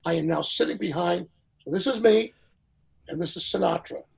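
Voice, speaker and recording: An older man, a veteran singer, telling a lively anecdote as a podcast guest and acting out the people in it. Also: sits high, normal speed, vocal fry, husky, low-quality recording. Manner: lively storyteller who acts out the people in his stories. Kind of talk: animated anecdote in a podcast interview.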